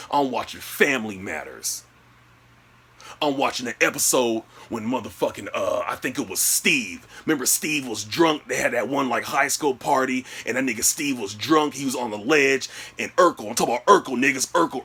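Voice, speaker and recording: A man delivering a brash, profane comic rant about his day. His medium-pitched voice is gravelly and husky, and he jumps into loud outbursts whenever he acts out what he said. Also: normal speed. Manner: brash, animated, loud outbursts in acted quotes. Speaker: comedic storyteller.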